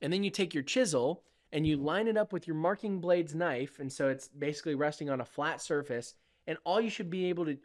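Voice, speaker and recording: A man's voice: a little high, no room sound, clean studio sound. A young man, a woodworking student, animatedly telling a story in a casual podcast chat and laughing often between sentences.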